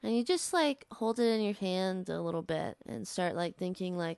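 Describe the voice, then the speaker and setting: A woman with a low, gravelly yet smooth voice hosts a comedy podcast. She rambles through an improvised story, filling it with "like"s. The sound is dry and close. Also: lively intonation, normal speed, darkish tone, no room sound. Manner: rambling, heavy use of "like".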